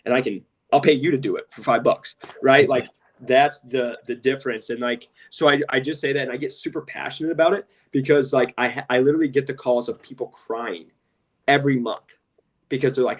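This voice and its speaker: A man's voice: medium pitch, fairly even intonation, a little fast, distant mic. A man co-hosting a podcast in casual talk, blunt and impassioned, often saying "literally" and "straight up". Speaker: podcast co-host.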